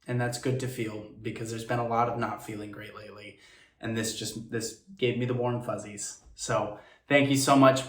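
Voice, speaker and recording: A man's voice: on the high side, a bit bright. A man hosting a reaction video, chatting casually and animatedly with self-deprecating asides. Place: his office. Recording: roomy echo, voice from far off the mic.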